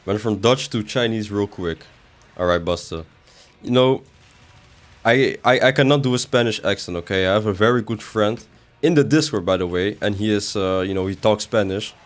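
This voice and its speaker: This young man's voice sits on the low side and moves at a moderate pace as he casually commentates his live game stream. Reading chat, he jokes back, his voice shooting up when he protests something.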